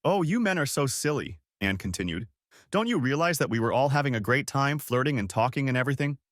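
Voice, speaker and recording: Brief: man reading a blunt, exasperated woman friend in a storybook reading, lively swings in pitch, dry close sound. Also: fast talker, no echo, lightly acted. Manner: pressing, exasperated. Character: frantic female friend, insistent and blunt.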